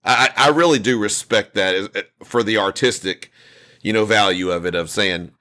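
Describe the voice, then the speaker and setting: A man's voice: fairly low pitch, moderate pace, pushed and bright. A man hosting a podcast, telling stories in a loose, rambling way full of restarts and fillers. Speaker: podcast host. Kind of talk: casual chat.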